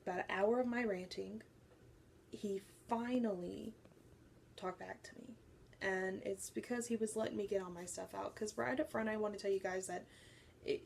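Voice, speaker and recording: A young woman telling a personal faith story to her viewers, animated and acting out what people said. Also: medium pitch, vocal fry, slight background noise. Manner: animated storytelling, acts out quoted voices. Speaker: faith vlogger. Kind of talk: personal testimony to camera.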